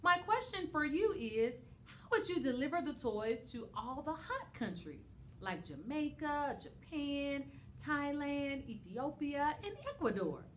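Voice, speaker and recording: A woman's voice: high-pitched, very animated, measured pace, slight background noise, voice pushed up. A woman reading Santa's lines, a kindly old man asking his helpers questions, in a storybook read-aloud.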